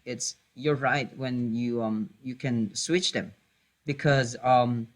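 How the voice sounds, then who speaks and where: A man's voice: medium pitch, steady tone, slow. A man teaching a math lesson, hesitating with many fillers, correcting himself and patiently repeating key points.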